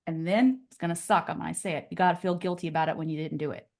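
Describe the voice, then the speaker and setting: A woman teaching real estate agents on a live video call. Her delivery is energetic and chatty, scattered with "like" and "okay?" as she pushes the group along. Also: lowish voice, quick pace, gravelly. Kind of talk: live online class coaching.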